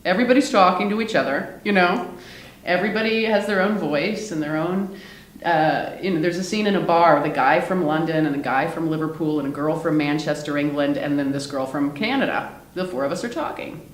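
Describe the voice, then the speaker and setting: Actress, interview guest, lower voice, relaxed and chatty, a lot of "you know", echoey room. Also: female voice, brisk. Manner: chatty, laughs often, many fillers. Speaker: actress in a one-woman show. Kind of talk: casual interview chat. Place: lounge at a theater. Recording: roomy echo.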